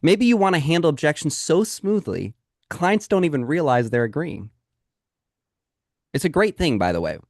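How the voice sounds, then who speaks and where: A man coaching a live training call on a video call, energetic and emphatic as he talks straight to his audience. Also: on the high side, normal speed, pauses often, no room sound, clean studio sound. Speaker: real estate sales coach.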